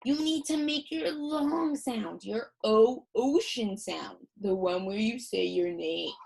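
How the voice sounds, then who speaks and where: A woman voicing a bossy silent letter E that hushedly urges another vowel to say its name, then boasts in quick asides. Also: fairly high pitch, creaky, husky, heavily acted, low-quality recording. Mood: conspiratorial. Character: bossy silent letter E, sly whispering know-it-all.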